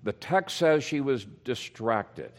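A man's voice: medium pitch, animated, slow. A man preaching a sermon as pastor, explaining scripture in a teaching manner with emphasis.

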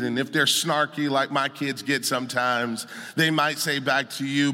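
A man preaching a sermon as pastor, emphatic, swelling into shouts and a sung, rhythmic cadence. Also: mid-range voice, level tone, moderate pace, hardly any pauses. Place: church sanctuary. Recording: long church hall reverb.

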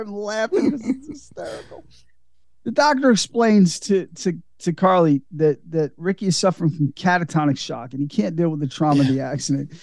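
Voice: medium pitch, no echo, studio quality. Laughing, profane podcast host. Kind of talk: casual film recap.

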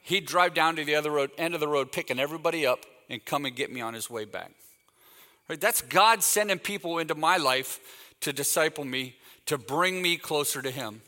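A bright, fairly high-voiced man in his fifties preaches in a church hall, and his words ring out with a long reverb. He tells his stories in a lively way and acts out the back-and-forth of each conversation. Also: fairly quick. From Texas. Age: 50s. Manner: animated anecdotal storytelling, acts out quoted dialogue. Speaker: guest speaker. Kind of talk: sermon with storytelling.

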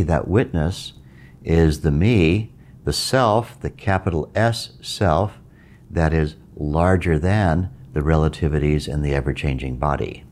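A middle-aged man, a meditation teacher, giving a reflective spoken talk in a measured way, repeating phrases for emphasis. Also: very deep voice, darkish tone.

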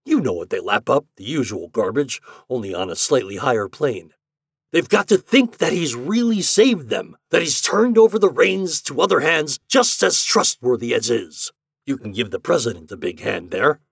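A man's voice: mid-range voice, big pitch swings, moderate pace, husky, dry recording, studio quality, pitched above the performer's own voice. A man voicing Hart, a pushy scheming boss. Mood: persuading. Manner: persuasive, pushy. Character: scheming chubby male propaganda chief.

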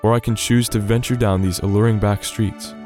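Earnest low-voiced young man reading. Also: fairly even intonation, fairly quick, soft background music. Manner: earnest storytelling read. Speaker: student devotional reader. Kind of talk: scripted devotional narration.

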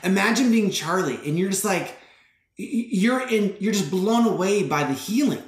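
A man's voice: sits high, expressive, normal speed. A man hosting a podcast, casually retelling a Bible story in slangy, laid-back talk with frequent laughs. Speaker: podcast host. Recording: roomy echo.

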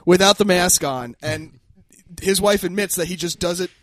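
A man's voice: high-pitched, normal speed, no room sound. A man co-hosting a podcast in casual chat, laughing often and swearing freely. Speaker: podcast co-host.

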